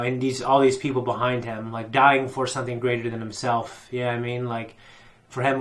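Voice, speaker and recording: A man hosting a reaction channel, choked up and teary, rambling through an emotional episode recap with many restarts. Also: mid-range voice.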